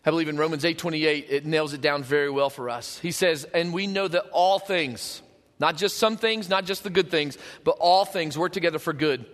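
Guy preaching, bright sharp voice, big echoey hall, repeats lines for punch. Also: on the high side, a little fast, few pauses. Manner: emphatic, building repeated phrases, swings from loud to hushed. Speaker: pastor. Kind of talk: sermon.

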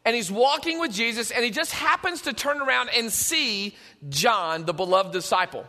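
High, bright-voiced preacher in a reverberant hall. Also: male voice, lively intonation, normal speed. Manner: conversational preaching, swinging from hushed to emphatic. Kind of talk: sermon.

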